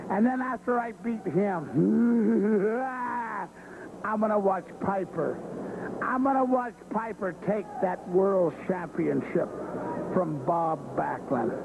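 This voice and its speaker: A taunting male wrestler threatens his rival in a very high, strained voice, dropping to hushed menace and then rising again with a cackle. It sounds like archival 1970s TV footage with a faint hiss. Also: takes it slowly, gravelly. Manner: taunting, cackling, swings between loud threats and hushed talk. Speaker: pro wrestler cutting a promo.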